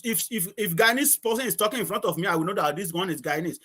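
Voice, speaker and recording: Guest, male, from Nigeria, high voice, rambling storyteller who restarts sentences and laughs a lot. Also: expressive, fairly bright tone, slightly rough. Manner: halting, repeats words, laughs often. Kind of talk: casual storytelling conversation.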